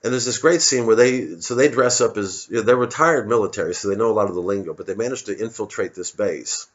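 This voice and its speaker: Male comedian, low voice, rambling storyteller, muffled lo-fi sound. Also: fast talker. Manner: rambling, with frequent restarts. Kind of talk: rambling comic monologue. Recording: dull lo-fi recording.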